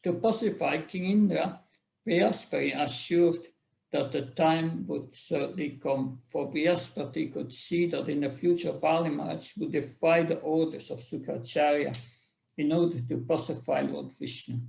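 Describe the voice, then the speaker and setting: A man reading scripture verses aloud and explaining them in a class, halting often and restarting his sentences. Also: a little high, steady tone, creaky, a little mellow, echoey room. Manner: slow, halting, with restarts and fillers.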